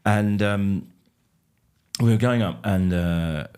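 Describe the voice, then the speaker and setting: A man's voice: on the low side, takes it slowly, a little mellow, clean tone. A middle-aged man from England, a comedian guest, telling wry, self-deprecating stories in a casual podcast chat.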